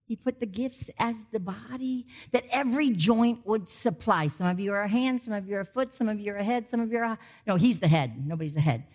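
A woman's voice: a little high, a little fast, few pauses. Emotional woman preaching a sermon. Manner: emotional, swings from loud exhortation to soft intimacy.

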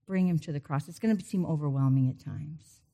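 A woman's voice: sits low, fairly quick. Chatty middle-aged woman preaching. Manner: chatty, animated asides and personal stories. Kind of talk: conversational sermon.

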